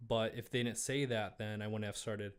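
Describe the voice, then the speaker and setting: A man's voice: lowish voice, fairly even intonation, moderate pace, clean tone. A young man co-hosting a casual podcast, asking questions and affirming his friend in an upbeat way. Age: young adult. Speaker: podcast co-host.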